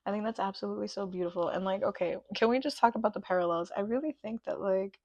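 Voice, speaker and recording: A woman's voice: mid-range voice, fast, a little mellow, dry recording, muffled recording. A woman giving a pick-a-card tarot reading, gushing and emotional and full of "like" fillers. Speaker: tarot reader.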